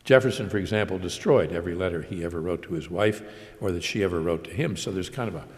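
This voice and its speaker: An older American man giving a public lecture at a measured pace, building emphasis through repeated phrases. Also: deep voice, a little mellow. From United States. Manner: measured, slow emphatic delivery with repetitions. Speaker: guest lecturer. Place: large auditorium. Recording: long hall reverb.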